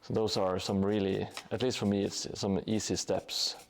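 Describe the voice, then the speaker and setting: Gravelly, hesitant man streaming. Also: fairly low pitch, little pitch movement, moderate pace, a little hiss or hum. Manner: hesitant, many fillers and restarts. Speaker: streamer painting terrain. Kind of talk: casual live-stream talk. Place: home hobby room above a gym.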